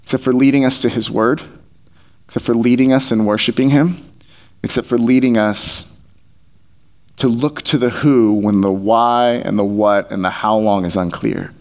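A man's voice: medium pitch, steady tone, moderate pace. A man preaching a sermon as pastor, conversational and earnest, repeating phrases for emphasis, on a mic taped to his face. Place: church hall. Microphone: headset mic taped to face.

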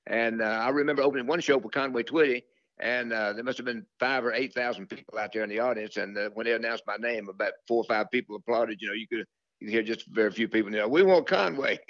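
A man's voice: lowish voice, fairly even intonation, quick pace, a bit bright, dry recording, lo-fi sound. An older man, a country singer telling rambling stories from his career in an interview, full of fillers and restarts. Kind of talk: relaxed storytelling interview.

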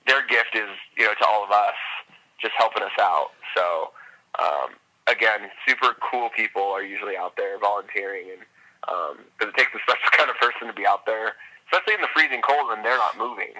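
A man's voice: fairly low pitch, fairly quick, pushed and bright, rough recording. A man talking as a guest on a podcast, chatty and upbeat, filling his sentences with "like" and "you know". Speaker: podcast guest, endurance runner. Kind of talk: casual interview chat.

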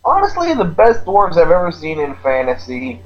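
A man's voice: a little high, huge pitch swings, moderate pace. A man co-hosting a casual gaming podcast, enthusiastic and rambling, laughing at his own jokes. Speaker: podcast co-host. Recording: dull lo-fi mic.

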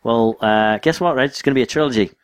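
A man's voice: medium pitch, fast, smooth. A man co-hosting a casual podcast chat, talking with dry, wry humour. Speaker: podcast co-host.

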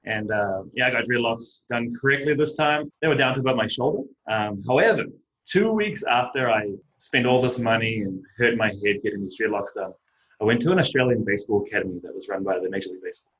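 A young man with a New Zealand accent chats as a podcast guest, spinning self-mocking stories at an easy, unhurried clip. The audio sounds a little dull and lo-fi. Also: mid-range voice. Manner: chatty storyteller, relaxed and self-mocking. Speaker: guest, baseball pitcher and teacher. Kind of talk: casual podcast chat.

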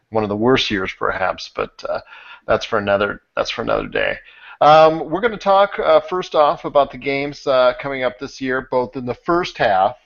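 A man hosts a casual podcast, rambling along with many fillers and restarts. His voice sits at a middling pitch. The recording sounds dull and lo-fi. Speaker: podcast host.

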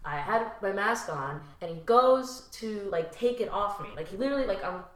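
A young woman telling a story as a podcast guest in casual chat, animated, swearing freely and acting out what people said. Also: mid-range voice, normal speed. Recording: roomy echo.

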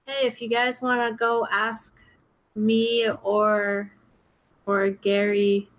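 A woman co-hosting a casual stream, speaking in a low-key, hesitant way. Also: little pitch movement, slow pace, poor audio. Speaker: co-host. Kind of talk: casual chat.

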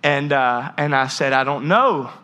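A man's voice: medium pitch, measured pace, sharp tone. A man in his thirties preaching a humorous sermon, telling a story with jokey asides and frequent restarts. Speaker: pastor.

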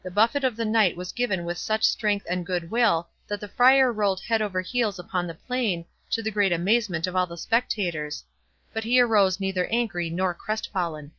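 A woman reads a classic novel aloud with measured, storytelling narration. Her voice is bright and sharp, recorded close and dry, with slightly dull, lo-fi audio. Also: medium pitch, no echo. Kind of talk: scripted narration.

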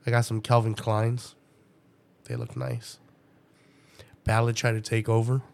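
A man in casual chat, telling an animated story, laughing often and swearing freely. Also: fairly low pitch, a little slow, creaky.

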